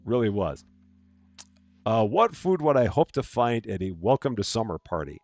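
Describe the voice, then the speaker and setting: Lively chatty man streaming a game. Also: lowish voice, moderate pace, dry recording. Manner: chatty, reads chat aloud with bright greetings; says he projects louder than normal. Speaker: live streamer. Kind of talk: casual live-stream chat. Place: his room at home. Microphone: headphones on, desk mic.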